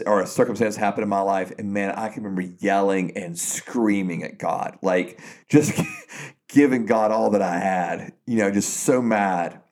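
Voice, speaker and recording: Low-voiced earnest pastor, a man. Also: a little mellow. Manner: earnest, reflective, with frequent restarts. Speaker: pastor and podcast co-host. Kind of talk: casual podcast talk.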